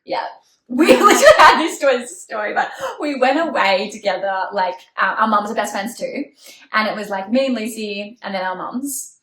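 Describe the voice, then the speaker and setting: A woman's voice: medium pitch, lively intonation, normal speed, sharp tone. A young woman hosting a podcast, chatting casually with a friend, giggly and swearing offhandedly. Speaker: podcast host. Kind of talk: casual chat. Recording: roomy echo.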